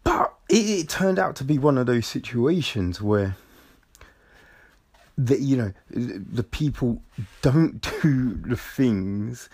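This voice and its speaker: Young man, lively storyteller, lots of pitch swing, unhurried delivery. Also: husky. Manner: animated, chuckling storyteller. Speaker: vlogger. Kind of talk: casual storytelling vlog.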